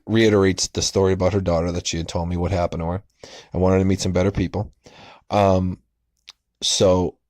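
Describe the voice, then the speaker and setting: A man's voice: sits low, darkish tone, dry recording. A man in his thirties, a podcast host, telling a true story in a casual, rambling way with many fillers and self-corrections.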